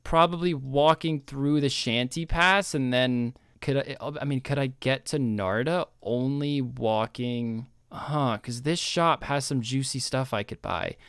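A man in casual gameplay commentary who keeps cursing and scolding himself. His voice is smooth and clear at a middle pitch, recorded dry and close. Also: measured pace, few pauses, fairly bright tone, no echo. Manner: self-scolding, swearing, jumpy. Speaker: guest gamer.

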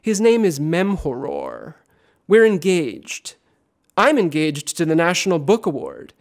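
A man performs his poems at a university reading with a high voice. His delivery is theatrical and lively, swinging from loud lines to hushed ones. He sometimes drops into chanting repeated words. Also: unhurried, creaky. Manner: chanting repetitions. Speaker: poet. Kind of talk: poetry reading.

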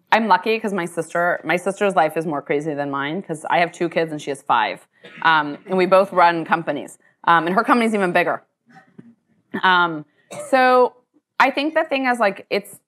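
A woman, a company co-founder and chief executive, answering onstage questions in a lively, chatty way with many "like" and "um" fillers. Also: fairly low pitch. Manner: talkative, quick, full of "like" and "um" fillers. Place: university lecture hall.

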